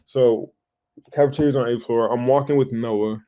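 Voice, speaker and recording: A young man co-hosting a podcast, telling a story in casual chat, animated and swearing freely as he acts out what he said back then. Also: medium pitch, normal speed. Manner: animated, swears a lot, acts out his own past lines. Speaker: podcast co-host.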